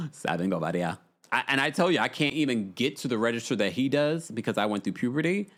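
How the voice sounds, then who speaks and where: A man's voice: medium pitch, fairly bright tone. A man hosting a casual livestream recap, chatting and reading viewer messages aloud. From United States. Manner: chatty, reads viewer super chats aloud. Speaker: podcast host.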